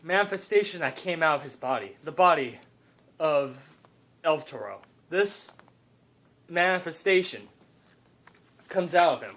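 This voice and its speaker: A man's voice: a little high, animated, a little slow, pauses often, a bit bright. Rambling young man improvising a story. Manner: rambling, self-interrupting, joking asides.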